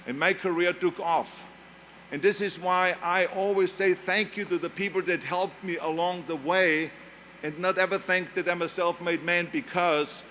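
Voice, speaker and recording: Older German-accented man, slightly high voice, emphatic speech, faint noise behind. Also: a bit bright. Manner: emphatic storytelling with repetition. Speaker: commencement speaker. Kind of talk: motivational speech. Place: large graduation ceremony venue.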